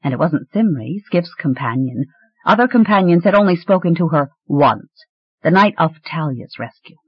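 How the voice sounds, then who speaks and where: An audiobook narrator reading a fantasy novel with an expressive, shifting delivery. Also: normal speed, husky, no echo. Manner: expressive, shifting pitch through the story. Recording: dry, slightly dull recording.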